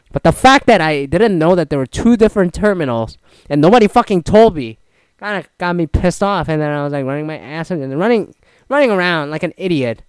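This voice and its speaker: Foul-mouthed man ranting smoothly. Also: mid-range voice, darkish tone, dry recording. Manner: profane, exasperated, acts out other people's lines. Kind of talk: casual storytelling.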